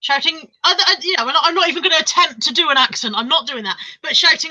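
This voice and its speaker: A woman's voice: high-pitched, rapid-fire, hardly any pauses, bright, forceful tone, muffled recording. A woman co-hosting a casual live-stream chat, rambling through stories and laughing often. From England.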